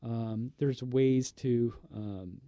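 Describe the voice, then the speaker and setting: A man, a paralegal guest on a radio show, giving measured advice with some fillers. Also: medium pitch, warm tone, dry recording. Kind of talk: casual radio interview.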